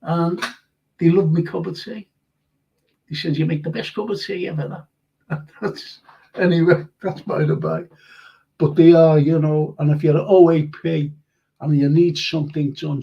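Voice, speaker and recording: A man's voice: on the high side, fairly even intonation, a little slow, creaky, mellow, husky, dull audio. An older man with a Liverpool accent hosting a casual live-stream chat show, rambling and reading out viewers' comments. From Liverpool, England. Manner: chatty and rambling, reads out comments, laughs easily. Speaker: host of online history and chat show.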